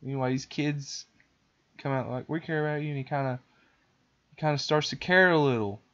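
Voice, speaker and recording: A man hosting a podcast, casually retelling a cartoon plot in a rambling, animated way. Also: medium pitch, normal speed, dull audio. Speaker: podcast host.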